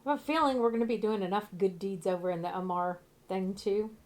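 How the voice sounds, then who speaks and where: A woman talks through her game in a chatty, blunt way, thinking out loud and swearing now and then. Her voice sits at an ordinary middle pitch in relaxed, casual commentary. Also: fast talker. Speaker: streamer.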